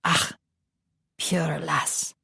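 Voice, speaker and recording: A woman voicing a brooding centuries-old male vampire with a put-on Scottish accent, speaking in a slow, hushed, commanding way in an audiobook. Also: deep voice, little pitch movement, creaky, slightly rough, dry recording, clean studio sound, full character voice. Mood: seductive. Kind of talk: audiobook narration.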